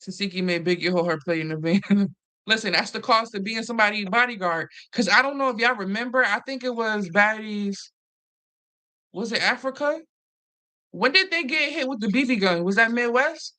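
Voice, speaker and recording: Bright-voiced woman in casual, animated chat. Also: medium pitch, moderate pace. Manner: animated, profane, acts out quotes. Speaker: host. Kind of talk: casual reality TV recap chat.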